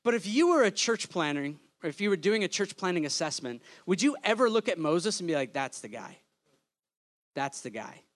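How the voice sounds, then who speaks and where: A man's voice: sits high, sing-song, brisk, few pauses, a bit bright. A man preaching a sermon in a conversational, humorous way, often checking in with the listeners by asking "right?".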